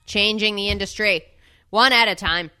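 A young adult woman co-hosting a podcast, telling an animated story and acting out the quotes. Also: medium pitch, moderate pace, smooth. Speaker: podcast co-host. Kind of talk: casual chat.

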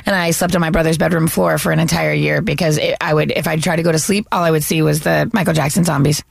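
Woman from the us northeast, gravelly voice, emphatic and animated, dry sound. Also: deep voice, fast, dry recording. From northeastern United States. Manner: animated, emphatic, laughs often. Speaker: panel guest. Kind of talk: casual panel chat.

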